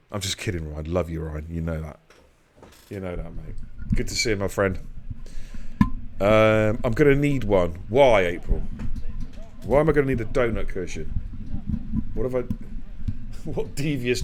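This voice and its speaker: A middle-aged man, hosting a live sim racing stream with loud, excitable hype and cheeky banter. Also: fairly low pitch, a little slow, long pauses, background noise. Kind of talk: live esports race commentary.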